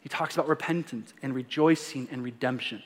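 Young-ish pastor guy preaching, animated, reads verses big, reverby church hall. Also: medium pitch, a little fast. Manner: animated preaching, reads scripture aloud with emphasis, playful asides. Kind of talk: sermon.

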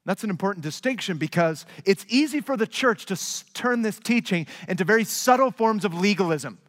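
High-voiced preacher in a reverberant sanctuary. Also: male voice, expressive, fairly quick. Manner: emphatic, repetitive rhetorical phrasing; shifts between quiet, low asides and raised, urgent stresses. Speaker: pastor. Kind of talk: sermon. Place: large church sanctuary. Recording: long hall reverb.

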